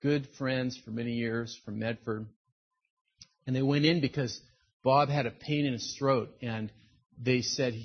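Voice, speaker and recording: A man pastor preaching a sermon in a conversational, emphatic way, dropping low and quiet for serious points, on a dull lo-fi recording. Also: fairly even intonation, unhurried, slightly rough.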